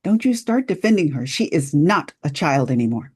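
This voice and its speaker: A woman's voice: sits low, sing-song, normal speed, darkish tone, slightly rough, full character voice. An actress playing a grieving mother who reproaches her daughter and pushes for grandchildren. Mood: reproachful. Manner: accusing, emotional. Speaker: Anna's mother Marlene.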